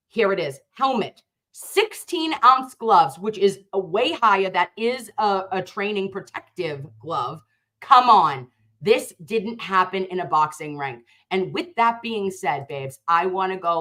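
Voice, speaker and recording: A woman hosts a livestream with fervent, emphatic commentary. She repeats her points for emphasis and addresses her viewers directly. Her voice sits at a middling pitch for a woman. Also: lively intonation, measured pace, fairly bright tone.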